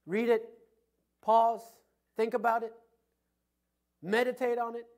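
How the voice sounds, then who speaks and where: Male preacher with a high-pitched voice; dynamic sermon delivery, loud peaks and quiet asides. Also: level tone, takes it slowly. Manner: preaching with swings from loud emphasis to soft asides; tells anecdotes with chuckles. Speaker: pastor.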